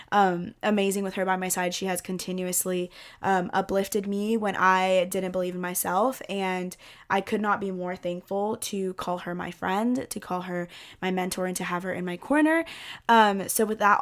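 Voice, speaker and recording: A woman hosting a podcast, opening the show and introducing her guest in an upbeat, gushing way with many likes and ums. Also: mid-range voice. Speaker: podcast host. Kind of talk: casual podcast chat.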